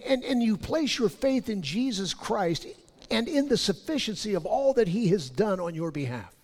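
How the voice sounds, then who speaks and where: A man preaching a sermon, rising loud on his key points and dropping low for scripture. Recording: long hall reverb.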